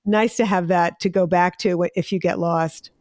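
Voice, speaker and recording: A woman's voice: fairly low pitch, fairly even intonation, moderate pace, a little mellow, no room sound, clean studio sound. A woman hosting an interview, reflecting the guest's points back in a thoughtful, affirming way. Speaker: host. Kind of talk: casual interview conversation.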